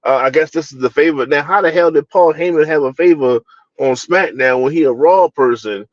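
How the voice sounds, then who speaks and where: Man from baltimore, wrestling review co-host, fairly high voice, casual and animated, dull dry recording. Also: fairly quick, dry recording. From Baltimore, USA. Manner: animated, many fillers and restarts, mocking asides. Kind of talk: casual opinionated review chat.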